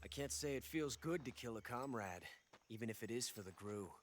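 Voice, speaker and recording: A man's voice: mid-range voice, expressive, fairly quick, music in the background, lightly acted. An actor playing a cocky young male Soviet major in a video game, smug and taunting. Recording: video game audio with loud score.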